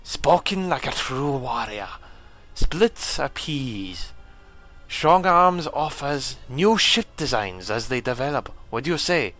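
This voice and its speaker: A man's voice: mid-range voice, lively intonation, takes it slowly, a bit bright, soft background music. A man voicing a brusque male alien trade agent in game dialogue, in a strained, harsh put-on voice with clipped, proud warrior speech. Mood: bargaining. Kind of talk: game dialogue read-aloud.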